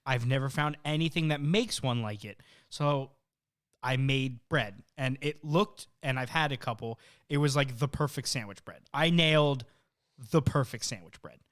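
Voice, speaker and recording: A man co-hosting a casual podcast, telling a story with lively energy and frequent swearing. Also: mid-range voice, moderate pace. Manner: animated storyteller, swears often. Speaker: podcast co-host. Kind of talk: casual chat.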